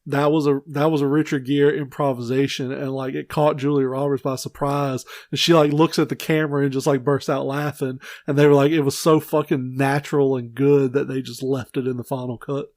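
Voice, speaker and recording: A man co-hosting a casual podcast, telling movie stories with lots of swearing and shouted impressions. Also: medium pitch, fairly quick, hardly any pauses, no room sound. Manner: profane, animated storytelling with shouted impressions. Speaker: podcast co-host. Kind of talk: casual chat.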